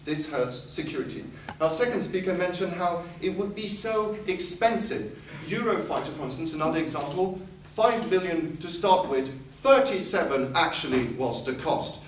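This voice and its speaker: A man's voice: fairly high pitch, animated, normal speed, few pauses. A man giving a formal competitive debate speech, full of sarcastic, ironic jabs. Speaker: debate speaker. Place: debate hall. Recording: echoey hall from far off with noise.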